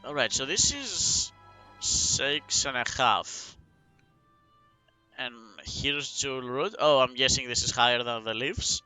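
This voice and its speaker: A man's voice: medium pitch, lively intonation, slow pace, bright, forceful tone, smooth, soft background music, rough recording. A man casually commenting on a story game as he plays it, chatty and musing aloud. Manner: chatty, reads game text aloud, muses and trails off. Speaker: let's play streamer.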